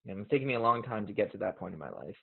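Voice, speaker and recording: A man hosting a show, talking casually in an earnest, reflective way and reading poems aloud, gently emotional. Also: fairly low pitch, big pitch swings, rapid-fire, gravelly, breathy edge. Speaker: podcast host. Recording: tinny phone-like audio.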